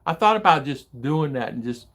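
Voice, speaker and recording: Gravelly older American man ranting. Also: a little high, animated, moderate pace, a bit bright. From United States. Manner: rambling, grows heated and indignant. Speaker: livestream host reading chat. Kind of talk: casual livestream chat. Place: home in the Philippines.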